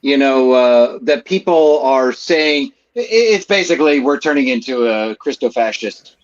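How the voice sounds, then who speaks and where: Male panelist, mid-pitched, loose rambling delivery, muffled lo-fi audio. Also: moderate pace. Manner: rambling, many fillers and restarts. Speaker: podcast panelist. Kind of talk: casual chat.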